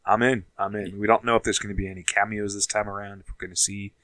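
A man's voice: lowish voice, little pitch movement, fast talker, fairly bright tone, no echo, poor audio. A man co-hosting a casual podcast chat about TV shows, rambling with lots of fillers and asides. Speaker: podcast co-host.

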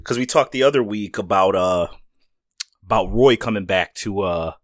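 A man's voice: fairly low pitch, normal speed, no echo, studio quality. A man co-hosting a casual podcast chat about TV shows, easygoing and agreeable with hesitant fillers. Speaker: podcast co-host.

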